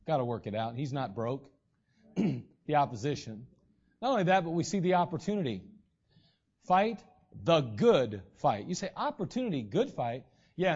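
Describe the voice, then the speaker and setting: Male pastor, high-pitched, casual preaching style, muffled recording. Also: darkish tone. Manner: conversational preaching with frequent throat clearing. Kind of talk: sermon. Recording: dull lo-fi recording.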